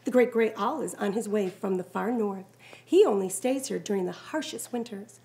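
A woman's voice: mid-range voice, normal speed, mellow, slight background noise, close to an everyday voice. A woman voicing a busy, chatty female red squirrel in a storybook read-aloud. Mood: excited.

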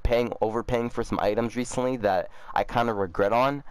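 A man's voice: mid-range voice, steady tone, brisk, smooth, no echo. Upbeat chatty young gaming guy. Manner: chatty, upbeat, lots of fillers like bro and um. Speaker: gaming YouTuber. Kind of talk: casual gaming chat and video outro.

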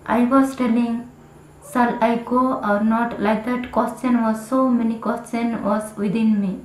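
Reflective nun with flat intonation. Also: female voice, a little high, a little slow, echoey room, poor audio. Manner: reflective, simple non-native phrasing. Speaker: Catholic nun. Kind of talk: interview testimony.

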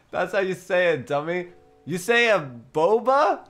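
An Australian man hosts a relaxed livestream chat from his home streaming setup. He talks slowly, his pitch swings up and down freely, and he keeps giggling and teasing his viewers. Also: faint music behind. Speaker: livestream host.

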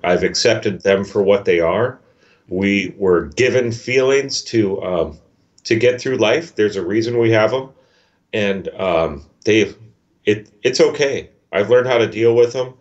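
A man's voice: on the low side, lively intonation, unhurried, dull audio. A man who is a guest in a casual conversation, speaking hesitantly with many restarts.

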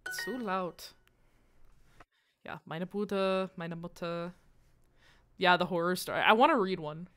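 Her pitch runs on the low side as she streams live, talking casually to viewers. She gets excited fast, curses easily, and erupts in sudden loud bursts, repeating foreign phrases aloud to practice them.

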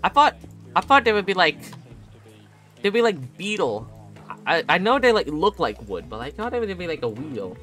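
A man's voice: high voice, big pitch swings, moderate pace, fairly bright tone, soft background music. A young man streaming a game, rambling and joking casually with chat and laughing often. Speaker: gaming streamer.

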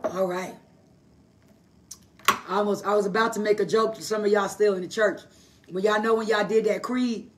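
A woman teaching a livestreamed sermon, hoarse from losing her voice, preaching emphatically in a folksy style and answering herself with quick asides. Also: medium pitch, distant mic, background noise. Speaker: Bible teacher. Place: live online broadcast.

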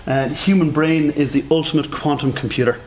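A man's voice: fairly high pitch, steady tone, fairly quick, darkish tone, a little hiss or hum. A man with a noticeable accent giving a conference lecture, chatty and self-deprecating, with many fillers. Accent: non-standard English accent. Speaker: conference speaker.

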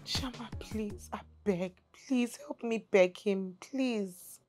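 An actress playing a timid young cleaner with a Nigerian accent, apologetic and pleading in a film drama. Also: female voice, medium pitch, loud music behind the voice, lightly acted. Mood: distressed. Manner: pleading, apologetic, fast rushed phrases. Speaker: office cleaner.

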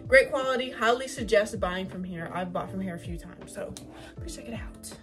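A young woman hosting an excited unboxing vlog, gushing and swearing freely, squealing when excited. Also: medium pitch, moderate pace, over music. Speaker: vlogger.

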